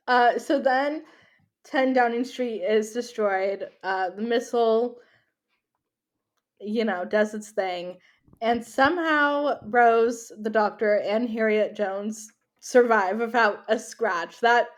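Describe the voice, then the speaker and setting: American woman podcast cohost, kinda high voice, says like a lot, super casual. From United States. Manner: chatty, laughs often, uses "like" a lot. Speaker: podcast co-host. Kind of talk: casual chat.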